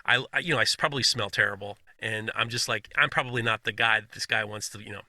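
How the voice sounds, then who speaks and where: Bright, animated man telling a story. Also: on the low side, fast, dry recording. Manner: self-deprecating humor. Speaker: podcast co-host. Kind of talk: casual storytelling chat.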